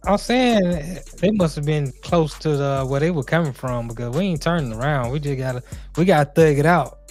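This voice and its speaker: A man co-hosting a casual talk show, chatting in a relaxed, easygoing way. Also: fairly high pitch, moderate pace, faint music behind. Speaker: co-host.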